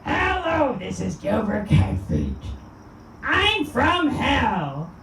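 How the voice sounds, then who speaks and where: A woman impersonating a grating male comedian, with a loud, screechy, drawn-out delivery, recorded from a distance in a roomy space. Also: sits high, wildly swooping pitch, slight background noise, voice pushed up, full character voice. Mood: abrasive. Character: grating, abrasive middle-aged male comedian. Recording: roomy sound from a distant mic.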